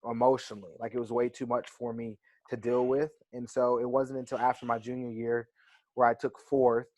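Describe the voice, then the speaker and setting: A man's voice: medium pitch, level tone, a little fast, darkish tone, dry recording. A young man, a wrestler, telling stories in a casual interview, reflective and full of fillers like "like" and "right". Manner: reflective, storytelling with many fillers. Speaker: wrestler guest.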